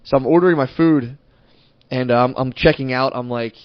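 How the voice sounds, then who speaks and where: A man co-hosting a podcast, telling stories in an animated, profane way and laughing often. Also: medium pitch, moderate pace, no room sound, lo-fi sound. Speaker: podcast co-host. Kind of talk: casual storytelling chat.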